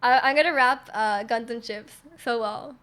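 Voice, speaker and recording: Young woman, high voice, casual stream chat, rambling, answering chat. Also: moderate pace, a bit bright. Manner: chatty and rambling, answers chat questions, many restarts and "like"s. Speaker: livestreamer reading chat.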